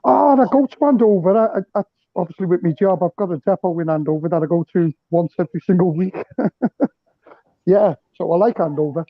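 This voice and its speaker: High-voiced joking man from Liverpool. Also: a little fast, no room sound, dull audio. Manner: joking storyteller. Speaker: caller. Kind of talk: casual chat.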